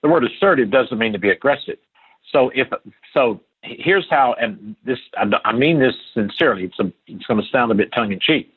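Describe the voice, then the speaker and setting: Older man, husky voice on a tinny line. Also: medium pitch, expressive, brisk. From Appalachia. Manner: earnest, emphatic, repeats phrases for stress. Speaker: podcast guest. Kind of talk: storytelling interview talk.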